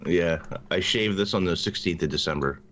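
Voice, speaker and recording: Male co-host, wry and relaxed, lower voice, dull call sound. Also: normal speed. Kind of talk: casual chat on a livestream.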